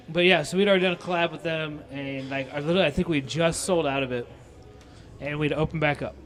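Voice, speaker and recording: Man, Midwestern accent, restaurant owner, casual storytelling, animated, profane, lapel mic. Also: mid-range voice, slight background noise. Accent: Midwestern American. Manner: animated storyteller, swears freely, acts out both sides of arguments. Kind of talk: casual chat.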